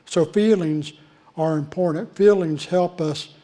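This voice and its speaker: Male pastor, unhurried sermon delivery with deliberate pauses, warm and soft timbre. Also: on the high side. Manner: measured preaching with deliberate pauses. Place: church.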